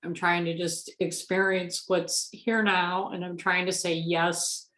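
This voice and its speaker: Teary woman participant on a call, low voice, halting, roomy echo. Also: flat delivery, a bit bright, slight background noise. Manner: halting, tearful, many "um" pauses. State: emotional, close to tears. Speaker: workshop participant.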